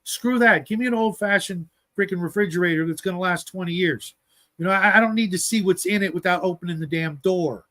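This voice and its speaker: A man with a fairly high voice rants through a casual livestream chat. He sounds exasperated and leans on filler words as he talks. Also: fast talker, bright, forceful tone. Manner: ranting, exasperated, many fillers. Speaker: podcast co-host.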